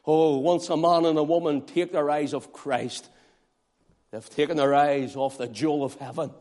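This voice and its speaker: A man preaching in a fairly high voice, his words ringing out into a long hall reverb. He swings from loud, pleading appeals to the listeners down to hushed, quiet asides. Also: fairly even intonation, normal speed. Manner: impassioned, rising and falling between loud appeals and hushed asides. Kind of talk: sermon.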